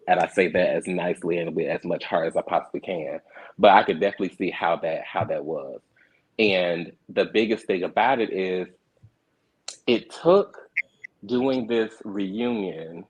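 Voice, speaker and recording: A man's voice: low-pitched, slightly rough, rough recording. A young adult man, a reality show cast member and producer, earnestly explaining himself in a candid panel discussion, often repeating words as he restarts.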